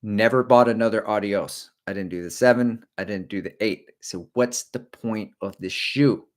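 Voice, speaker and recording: A man's voice: lowish voice, moderate pace. A middle-aged man hosting a casual running livestream, rambling and jokey as he talks to his viewers. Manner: slips briefly into silly character voices. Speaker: running channel host.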